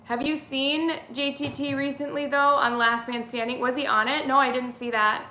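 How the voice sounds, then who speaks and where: A woman's voice: high voice, steady tone, normal speed, pushed and bright, reverberant, a little hiss or hum. A woman in her thirties hosting a casual live-stream chat, reading viewer comments aloud and answering them. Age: 30s.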